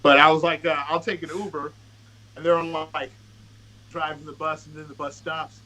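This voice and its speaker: A man's voice: fairly high pitch, moderate pace, low-quality recording. A man guest on a podcast, a rapper telling a casual, profane story and acting out what people said. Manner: profane, animated, acts out quotes.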